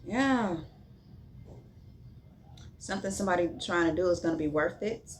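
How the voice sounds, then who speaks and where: A woman's voice: fairly low pitch, moderate pace, a little hiss or hum. A woman giving a casual tarot reading, blunt and profane, drifting into sing-song asides between card readings. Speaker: tarot reader.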